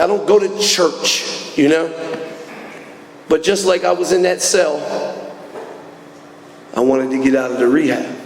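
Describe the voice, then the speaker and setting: A man's voice: fairly high pitch, slight background noise. A man in his forties giving an earnest, emotional personal testimony at a recovery meeting, recorded in a large hall. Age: 40s. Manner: earnest, emotional, rising to fervent. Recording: echoey hall recording from a distance.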